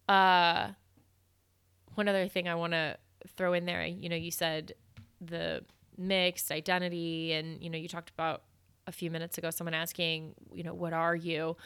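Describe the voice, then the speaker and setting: Woman, podcast host, casual talk, bright tone, clear smooth voice, rambling and playful. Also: lowish voice, flat delivery. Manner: rambling, warm and playful, quick to laugh. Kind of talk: casual conversation.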